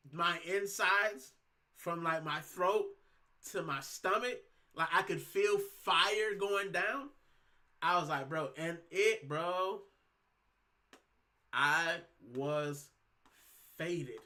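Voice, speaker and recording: A man from Puerto Rico chats casually as a show host, with a high, bright, forceful voice. He tells stories in loose slang and says bro a lot. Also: extremely slow, long pauses. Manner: slangy storytelling, keeps saying bro. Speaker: football channel host. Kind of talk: casual chat.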